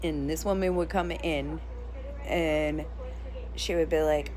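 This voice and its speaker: A woman vlogger telling a story in a casual, animated rant, blunt and sometimes profane. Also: deep voice, slow pace.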